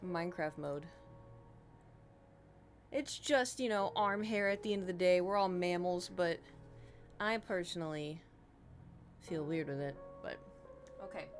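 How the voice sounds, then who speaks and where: A woman streaming from her desk at home, chatting casually, swearing freely and coaxing her cat aloud. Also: fairly low pitch. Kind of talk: casual live-stream chat. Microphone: desk microphone.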